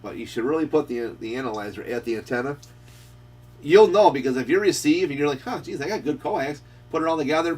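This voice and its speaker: Heard from a distance, a man with a slightly rough mid-range voice hosts a laid-back radio-shop chat. He rambles through a story, performing both sides of the conversation himself.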